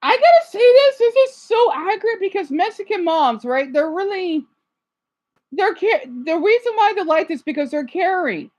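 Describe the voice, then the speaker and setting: Chatty high-voiced woman streamer. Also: sing-song, moderate pace, a little mellow. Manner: chatty, frequent "right?" tags. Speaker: livestreamer. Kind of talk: casual reaction commentary.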